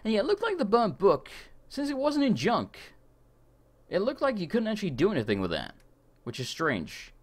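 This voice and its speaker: Lively-pitched male game streamer, ranting. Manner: chatty, quick to rant and swear in frustration. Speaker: gaming streamer. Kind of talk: live let's-play commentary.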